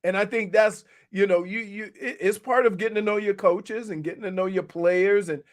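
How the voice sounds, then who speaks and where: A man co-hosting a sports talk radio show, a former pro football player who tells lively locker-room stories and laughs a lot. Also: high-pitched, normal speed. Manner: animated storyteller, laughs a lot.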